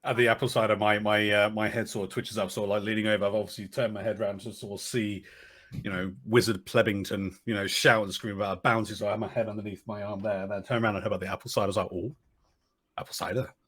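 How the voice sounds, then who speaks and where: Lower-voiced man rambling as a player. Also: little pitch movement, rapid-fire, fairly bright tone. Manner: rambling, hesitant, lots of "sort of". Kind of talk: tabletop role-play chat.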